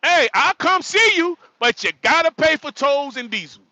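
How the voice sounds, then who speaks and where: A man's voice: extremely high pitch, expressive, normal speed, bright, forceful tone, dry recording, low-quality recording. A man, a trucker hosting a casual livestream, joking and repeating himself as he talks. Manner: joking, repetitive, frequent laughter. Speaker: livestream host; truck driver.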